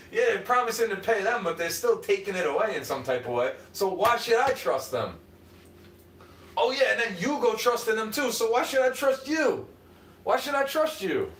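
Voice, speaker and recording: A man with a New York accent swears his way through a combative livestream monologue in a high, sing-song voice at normal speed, flipping between mutters and shouts. Recorded from a distance, the audio is roomy and off-mic, with faint ambience.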